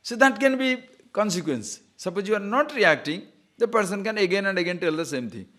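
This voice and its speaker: A man, a spiritual teacher, giving an animated lecture on scripture and acting out little scenes of quoted speech. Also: sits high, brisk. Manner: animated, acts out quoted speech, chuckles at own stories.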